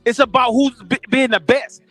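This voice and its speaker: A man's voice: extremely high pitch, steady tone, moderate pace, a bit bright, faint music behind. A man, a boxing coach, arguing casually on a call-in stream, pushy and repeating his points.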